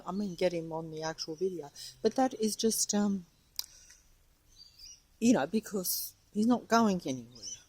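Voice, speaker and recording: Against a noisy background, a female vlogger with a lowish voice films herself on a handheld phone outdoors on a residential street. She rambles chattily as she records, talking to the camera and to her cat.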